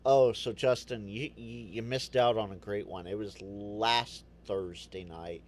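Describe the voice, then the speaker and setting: A man's voice: on the low side, steady tone, measured pace. A man hosting a casual livestream, chatting to viewers, rambling and stammering, often repeating words as he restarts. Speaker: livestream host.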